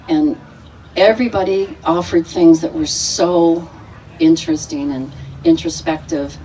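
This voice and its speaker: Woman conference speaker, low warm voice, rambling storyteller, distant mic, light hiss. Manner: rambling, laughs often, acts out quoted voices. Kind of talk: personal storytelling talk. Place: conference venue. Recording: distant mic with faint noise.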